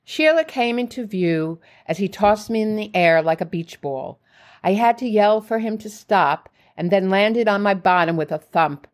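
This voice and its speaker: A woman narrating her own memoir in a steady storytelling voice. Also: medium pitch, normal speed. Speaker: memoir reader.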